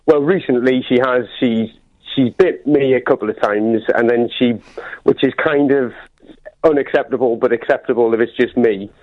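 A man's voice: medium pitch, normal speed, no room sound. Hesitant male caller on a phone line. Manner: hesitant, dry humour. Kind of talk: phone-in chat.

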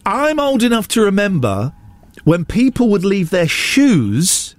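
A man hosting a radio show in the studio, talking in an animated, ranting and self-mocking way. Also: high-pitched, a little slow. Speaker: radio host. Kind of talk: casual radio chat.

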